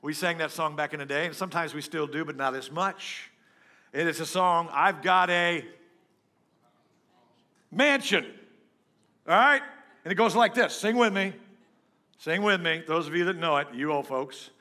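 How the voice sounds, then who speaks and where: A middle-aged pastor preaching a lively sermon to his congregation, breaking into hymns and joking with the crowd. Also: on the high side, moderate pace, pauses often. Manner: animated preaching, sings hymns and jokes with the congregation. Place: church before a congregation.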